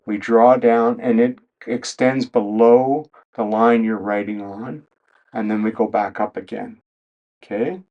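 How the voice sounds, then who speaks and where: A male teacher explains things at the whiteboard one step at a time and recites the letters in order. His pace is unhurried, with plenty of room between phrases. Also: medium pitch, dark tone, dull audio. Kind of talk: whiteboard lesson.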